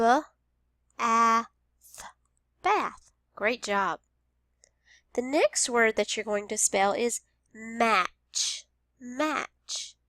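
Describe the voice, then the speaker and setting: Slow, patient woman teaching phonics. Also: a little high, a bit bright, dry recording. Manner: slow, patient, sounds out each letter. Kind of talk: phonics lesson for young children.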